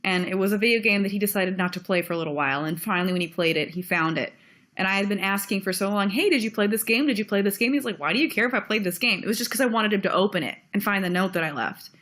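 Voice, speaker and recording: A woman's voice: medium pitch, quick pace, a bit bright. Young woman vlogger, blunt and heated rant, swears freely, mid-range voice. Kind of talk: ranting video commentary.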